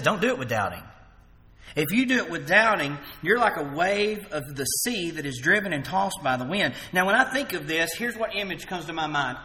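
Preaching man in an echoing hall. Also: a little high. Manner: animated preaching, rising loud for emphasis and dropping soft for quoted words. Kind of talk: evening sermon.

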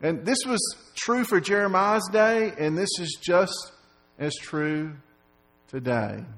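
Male pastor, higher-pitched voice, halting sermon delivery with repeats and fillers, long hall reverb. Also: a bit bright. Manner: many repeated words and fillers, rising to emphasis.

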